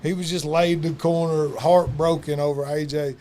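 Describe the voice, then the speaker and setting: A man's voice: a little high, little pitch movement, normal speed, warm tone, a little hiss or hum. A man telling loose, profane wrestling stories in a casual chat, full of fillers and asides. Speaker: wrestling podcast guest.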